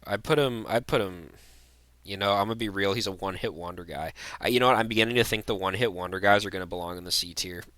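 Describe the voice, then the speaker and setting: A man's voice: sits low, pushed and bright, no room sound. A young man giving blunt, rambling tier-list commentary, full of fillers and restarts. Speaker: vlogger.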